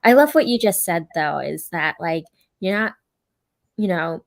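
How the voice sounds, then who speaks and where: Low-voiced woman hosting an interview. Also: expressive, measured pace, creaky. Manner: warm, affirming, with filler words. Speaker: interview host. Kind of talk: casual interview conversation.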